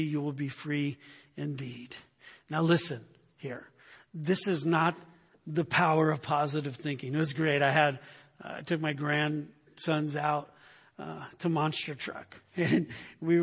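An older man preaching a sermon, telling animated stories and repeating phrases for emphasis. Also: a little high, breathy edge. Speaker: pastor. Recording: long hall reverb.

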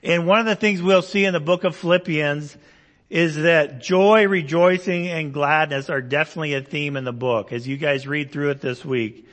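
A man's voice: on the high side, moderate pace, fairly bright tone, big-room sound. A man preaching a Bible-teaching sermon, explaining verses conversationally with asides and rhetorical questions. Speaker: pastor.

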